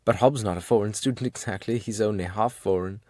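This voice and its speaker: A man's voice: lowish voice, fairly quick, dark tone, no room sound, clean studio sound, lightly acted. A man reading as a homely working man. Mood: earnest. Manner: earnest, homely storytelling. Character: plain-spoken northern working man, middle-aged, warm.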